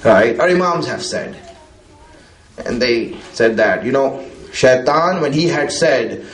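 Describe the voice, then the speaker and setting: Addressing a gathering, a preacher speaks conversationally about faith, using plenty of fillers like "you know" and asking the audience questions. His voice is medium-pitched with lively intonation and a slow pace, and the room gives a noticeable echo.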